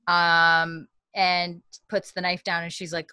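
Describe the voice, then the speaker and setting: A woman podcast host recaps an episode in casual, chatty talk full of fillers, retelling the story and quoting the characters' lines. Her voice is low-ish and sharp in tone, her pace unhurried, and the recording dry.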